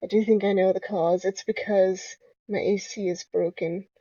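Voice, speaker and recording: A woman voicing a laid-back male cowboy gunslinger from a video game, reading his lines in a blunt, deadpan way. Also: a little high, fast talker, no echo, highs cut off, natural voice.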